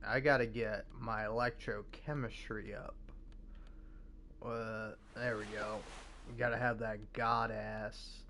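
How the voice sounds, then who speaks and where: Gravelly-voiced man in his forties. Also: on the low side, level tone, slow pace, sharp tone, a little hiss or hum. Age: 40s. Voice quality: gravelly, smoker's voice. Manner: rambling, self-mocking, profane. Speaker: game streamer. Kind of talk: casual gameplay commentary.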